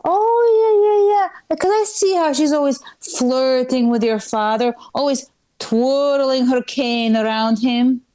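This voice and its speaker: A woman's voice: high-pitched, measured pace, warm tone, pitched above the performer's own voice. Woman putting on a nagging Eastern European mom. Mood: suspicious. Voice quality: clipped broken phrasing, nitpicking. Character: critical nagging older Eastern European mother.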